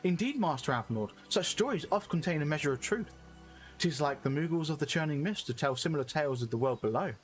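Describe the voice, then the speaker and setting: A man voicing a calm, gracious elder woman leader in stately, archaic phrasing. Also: a little high, quick pace, faint music behind, lightly acted.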